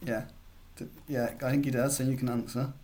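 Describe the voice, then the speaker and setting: A man's voice: mid-range voice, flat delivery, fairly quick, darkish tone. Chatty man, podcast co-host. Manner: chatty, hesitant, many restarts and fillers. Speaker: podcast co-host, football journalist. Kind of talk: casual podcast chat.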